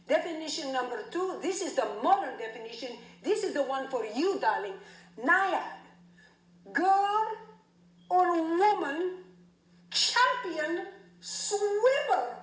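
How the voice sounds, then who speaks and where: A woman's voice: extremely high pitch, roomy sound, pitched above the performer's own voice, full character voice, poor audio. A woman voicing an emotional, grandiose immigrant father, speaking theatrically. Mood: rapturous. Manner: theatrical, doting, then blustering.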